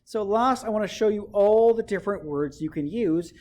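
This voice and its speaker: A man's voice: high-pitched, normal speed, darkish tone. Male teacher explaining step by step. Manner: explains step by step, checking in with "okay?". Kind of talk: classroom writing lesson for children.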